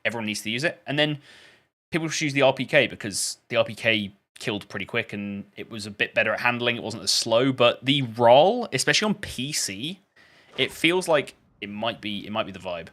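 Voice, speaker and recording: Animated and a touch quick, this man's bright, mid-range voice carries his shooter-game livestream. His talk to viewers wanders and keeps circling back to restart, the loose chatter of a gaming commentator.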